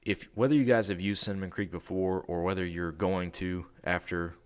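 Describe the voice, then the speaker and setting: A man's voice: sits low, steady tone, fairly quick, clean tone. A man hosting a podcast, chatting casually and telling a rambling story with lots of fillers and easy laughs. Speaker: podcast host. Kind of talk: casual chat.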